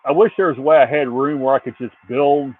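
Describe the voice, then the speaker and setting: A man's voice: medium pitch, quick pace. A man chatting casually as a guest, telling stories with dry humor. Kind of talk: casual chat. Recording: tinny phone-like line.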